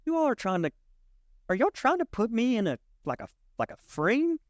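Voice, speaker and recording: A bemused divine voice asks its question in a raised, light tone, as a preacher puts it on. It sounds amused at being boxed in. The sound is close and dry. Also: male voice, high-pitched, huge pitch swings, a little slow, no room sound, pitched above the performer's own voice, exaggerated voice.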